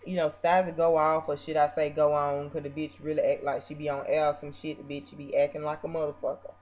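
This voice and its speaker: A woman vlogger casually rants about a reality show, brash, profane and mocking, swinging from loud bursts to muttered asides. Her voice is low-pitched with little pitch movement, and she talks a little fast.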